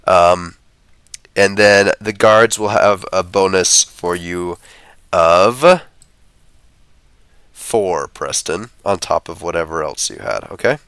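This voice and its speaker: Guy running a d&d game, lowish voice, lots of ums and laughs. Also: slow, pauses often, fairly bright tone, clean tone, no room sound. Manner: chatty, laughs often, many fillers. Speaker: dungeon master. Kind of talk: casual tabletop game narration.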